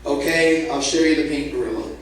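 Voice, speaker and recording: A man's voice: fairly high pitch, steady tone, brisk, lightly acted. A man playing a boastful pet owner who insists on his rules, in a live storytelling. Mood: insistent. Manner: insistent, bossy about rules. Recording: echoey hall, distant mic.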